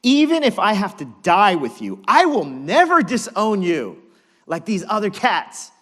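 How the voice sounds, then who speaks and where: A man's voice: high voice, huge pitch swings, unhurried, a bit bright, voice pushed up, heavily acted. A man voicing a brash young fisherman full of bravado, talking with tough Brooklyn-style swagger. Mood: boastful.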